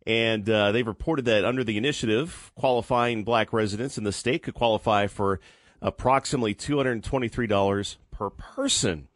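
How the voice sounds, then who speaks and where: A man's voice: fairly low pitch, normal speed, no echo, studio quality. A man co-hosting a talk radio show, easygoing and teasing, sometimes reading news items. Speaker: radio co-host. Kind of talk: casual radio show banter.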